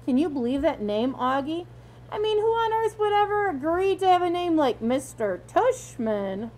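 A woman's voice: extremely high pitch, very animated, moderate pace, a little mellow, pitched above the performer's own voice. A woman reading a storybook aloud, voicing a father who jokes and teases his son in a light, playful way. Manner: playful and teasing. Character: joking, playful father driving the family car.

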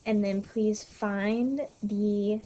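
Slow-paced woman teaching French. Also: mid-range voice, level tone, warm tone, muffled recording. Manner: casual, chatty, apologetic asides. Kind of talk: recorded lesson over slides. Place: home. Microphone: tablet mic. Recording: scratchy audio.

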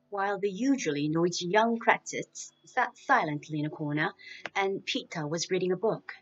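A woman reading a storybook aloud in an earnest, careful way. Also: fairly low pitch. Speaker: reader. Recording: dull lo-fi, new-age music behind.

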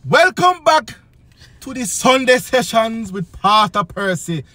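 A man's voice: very high-pitched, very animated, slow pace, bright, forceful tone, no room sound, heavily acted. A man doing a brash, bawdy preacher. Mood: boastful. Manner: preachy, sing-song, rowdy. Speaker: comedian. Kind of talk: improvised comic character bit.

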